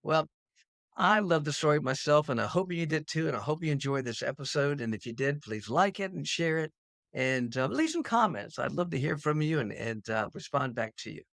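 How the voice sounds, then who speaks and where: An older man hosting his own show, telling an anecdote to camera in an animated storytelling manner. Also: normal speed, vocal fry, dry recording, studio quality. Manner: animated anecdote-telling, pitch leaps on punchlines. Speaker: host.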